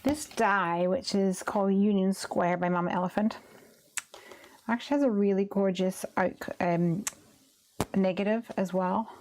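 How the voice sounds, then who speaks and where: A woman from the UK hosting a live crafting stream, talking casually and thinking aloud as she works, now and then trailing off into soft murmurs. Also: mid-range voice, fairly even intonation, measured pace. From United Kingdom. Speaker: crafting livestream host.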